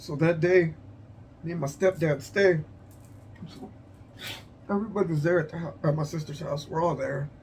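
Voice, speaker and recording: A man telling a personal story as unscripted testimony, emotional and halting, repeating his phrases and sighing. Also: fairly high pitch, steady tone, a little mellow, a little hiss or hum. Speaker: vlogger sharing a personal story.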